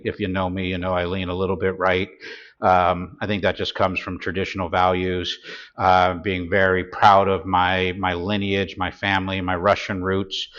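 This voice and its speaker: A man in his fifties from San Francisco, co-hosting a podcast in a studio and talking in a relaxed, rambling way with many fillers. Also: lowish voice, highs cut off. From San Francisco, USA. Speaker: podcast co-host. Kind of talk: casual podcast chat.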